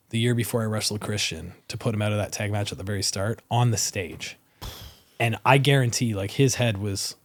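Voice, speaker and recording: A man in his thirties, a wrestler guest in an interview, telling a story in a casual, animated way with plenty of fillers. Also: lowish voice. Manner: animated, rambling anecdote with many fillers.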